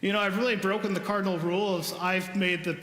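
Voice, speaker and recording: Bright-voiced priest in a reverberant church. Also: male voice, sits high, fairly even intonation, quick pace. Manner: earnest, conversational storytelling. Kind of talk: homily. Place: large church. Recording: echoey church with long reverb.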